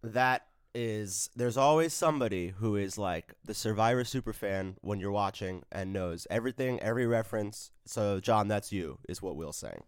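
A man with a somewhat low, smooth and resonant voice chats loosely as a podcast co-host. He sounds a little congested and breaks into easy laughter. The sound is close and dry. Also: normal speed, hardly any pauses, no room sound. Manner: laughs easily, relaxed and jokey. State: slightly congested. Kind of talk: casual chat.

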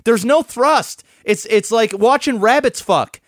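A man co-hosting a podcast in crude, rambling casual chat, swearing freely and climbing higher and louder as he gets worked up. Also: measured pace, dry recording, clean studio sound. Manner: profane, rambling, gets loud and high when worked up. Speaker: podcast co-host.

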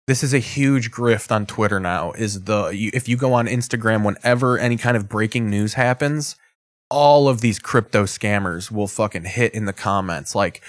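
A man's voice: on the low side, moderate pace, fairly bright tone, no echo, clean studio sound. A man hosting a show, chatting casually and sarcastically with frequent swearing while reacting to a live game. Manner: loose, sarcastic, swears often. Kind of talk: casual profane commentary.

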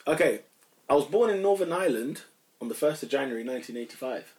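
A man hosting a casual football podcast who gets excitable and bursts into loud laughter. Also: mid-range voice, fast talker, recorded from a distance. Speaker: podcast host.

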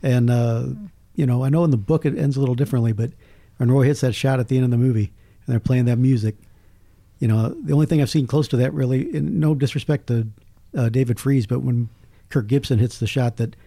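A man's voice: medium pitch, brisk, no echo. A man, a film critic telling jokey stories in casual chat. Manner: storytelling, jokey, lively asides. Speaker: podcast guest, film critic.

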